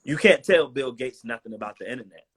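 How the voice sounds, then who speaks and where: A breathy edge colors this young man's quick, mid-range voice. In his twenties and a former college football player, he guests on a video call for a casual storytelling interview, slinging slang and acting out quotes with animation.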